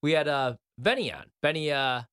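A man's voice: a little high, expressive, moderate pace, fairly bright tone, clean tone. A man co-hosting a sports betting show, giving loose, rambling picks. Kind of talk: casual sports betting chat.

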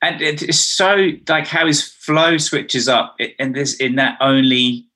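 A man's voice: mid-range voice, measured pace, sharp tone. A man co-hosting a casual podcast chat, hesitant and searching for words. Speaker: podcast co-host.

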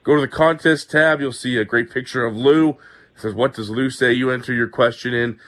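A man hosting a sports radio show, his voice a little muffled, with friendly, brisk on-air patter. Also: mid-range voice, fairly even intonation, a bit bright.

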